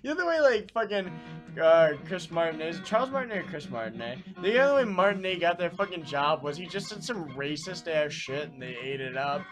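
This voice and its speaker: A man hosting casual let's-play banter, excitable, swearing a lot and crying out at his losses. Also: a little high, fairly quick, music in the background. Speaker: channel host.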